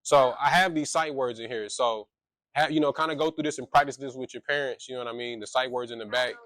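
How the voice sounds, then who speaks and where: A man's voice: mid-range voice, fairly even intonation, fast talker, fairly bright tone, no echo. Guy chatting loose with schoolkids about reading, lots of ums, dry close sound. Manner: loose, rambling, filler-heavy. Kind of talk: casual talk to schoolkids.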